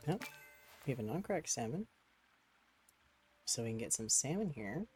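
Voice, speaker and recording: Mellow-voiced streamer cooing to a cat. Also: medium pitch, big pitch swings, moderate pace, soft background music, rough recording. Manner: cooing baby-talk to a pet, chatty musing while gaming. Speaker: game streamer. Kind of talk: casual live-stream chat while playing. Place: home desk with a computer.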